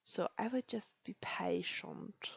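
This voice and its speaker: A woman's voice: medium pitch, takes it slowly, creaky, breathy edge, no room sound. A woman streaming casual chat, giggling and teasing herself often. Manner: giggly, self-deprecating, laughs often. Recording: dull, slightly lo-fi dry sound.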